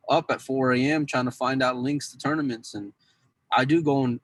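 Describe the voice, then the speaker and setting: A man's voice: medium pitch, a bit bright, rough recording. A man on a podcast talking casually about his work as a pool news insider and cue dealer, rambling with many restarts.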